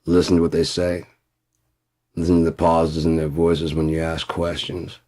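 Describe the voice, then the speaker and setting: A man's voice: extremely low pitch, completely flat delivery, moderate pace, warm tone. A man in a blunt, profane ranting monologue for his vlog. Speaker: vlogger.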